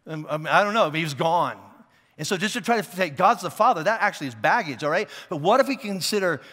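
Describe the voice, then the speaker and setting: A man's voice: high-pitched, lively intonation, fast talker, fairly bright tone, in a large hall. A man preaching a sermon as a pastor, talking conversationally and checking in with listeners, often restarting his words. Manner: repeats and restarts words as he thinks. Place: church auditorium.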